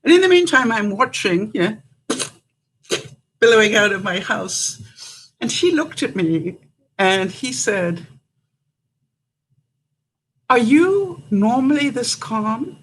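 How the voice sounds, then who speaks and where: A woman's voice: medium pitch, expressive, unhurried, pauses often, a bit bright, a little hiss or hum, rough recording. An older woman from Canada, telling a story to camera in a chatty way, laughing often and acting out what others said. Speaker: vlogger.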